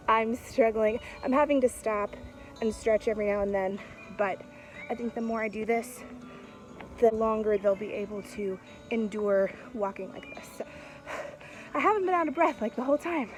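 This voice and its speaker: A woman's voice: mid-range voice, normal speed, darkish tone, soft background music, rough recording. Chatty upbeat young woman vlogger. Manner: chatty and upbeat, laughs often. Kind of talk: casual vlog chat to camera. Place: outdoors on a walk.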